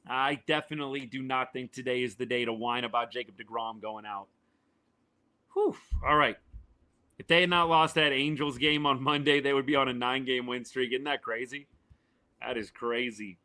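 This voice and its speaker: A man with a drawl, hoarse and worn down, calls a baseball game live for his podcast audience. His voice is sharp and bright despite the fatigue, at a middle pitch. He talks loosely and directly to viewers, answering them by name. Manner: chatty, answers chat viewers by name, says y'all. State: voice worn and failing, a little quieter than usual. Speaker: podcast host doing live game reaction. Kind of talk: casual live sports reaction and commentary.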